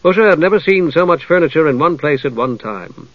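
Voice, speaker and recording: A man narrating a fantasy audiobook in a measured storytelling manner. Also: on the high side, expressive, no echo. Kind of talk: scripted narration. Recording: dull lo-fi dry recording.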